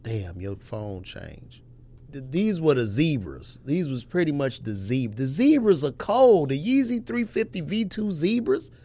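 Animated gravelly man, lively slang. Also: a little high, a little slow. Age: middle-aged. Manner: animated, slangy, talks over others. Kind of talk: casual chat.

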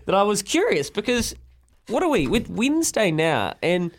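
A man's voice: high-pitched, big pitch swings, moderate pace. A man with a New Zealand accent hosting a sports radio show, chatting upbeat and laughing easily between calls. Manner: upbeat, laughs easily, reads phone numbers and ads. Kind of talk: breakfast radio chat.

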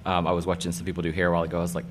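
Man, middle-aged, very low pitch, enthusiastic, emphatic repetition, interview guest, faint background noise. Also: completely flat delivery, racing. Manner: enthusiastic, emphatic, repeats key phrases. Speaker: hairdresser and salon owner, guest. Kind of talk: casual interview talk.

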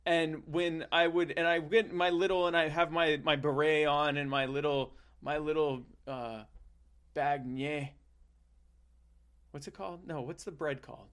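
A young man improvising a rambling comic story, full of halting restarts and playful asides. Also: on the high side, steady tone, fairly bright tone.

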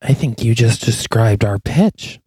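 A man's voice: mid-range voice, animated, measured pace, dark tone, breathy edge, no room sound, pitched below the performer's own voice. A man improvising a self-important male podcaster who talks hesitantly with pompous asides in a comedy sketch. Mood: excited. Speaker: podcast co-host.

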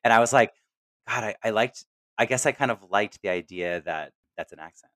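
A man with a low voice who talks quickly. He is animated in casual film chat, acts out what characters said and breaks into laughs. The sound is close and dry. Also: dry recording. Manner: animated, acts out quoted lines, laughs often. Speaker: podcast co-host.

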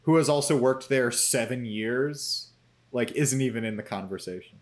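A man co-hosting a casual TV recap podcast, animated and often quoting characters. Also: medium pitch, moderate pace. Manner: animated, quotes characters in voices. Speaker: podcast co-host. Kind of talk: casual chat.

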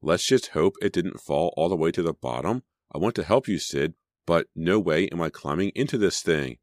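A man with a very deep voice voicing a bold, scheming teenage girl who talks in a pushy, eager way, raising his pitch for her. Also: expressive, normal speed, darkish tone, no room sound, clean studio sound. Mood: grumbling.

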